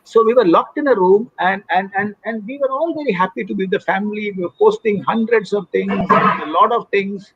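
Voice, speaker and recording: Husky high-voiced Indian man explaining. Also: a little fast, few pauses, lo-fi sound. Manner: earnest, lecturing, mixes Hindi phrases into English. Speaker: mental health expert guest. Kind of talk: explanatory expert talk in a live Q&A.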